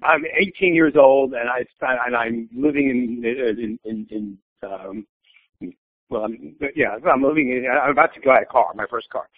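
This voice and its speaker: A man's voice: medium pitch, moderate pace, no echo. An older man, a blunt and opinionated storyteller, talking as a guest in an interview. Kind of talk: conversational interview. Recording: tinny phone line.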